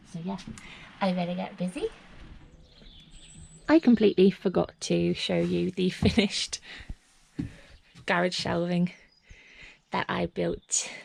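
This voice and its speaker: A woman's voice: medium pitch, vocal fry, darkish tone, slight background noise. A woman vlogging in a casual, rambling way, full of fillers and restarts, part of it from a small lean-to shed. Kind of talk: casual chat to camera.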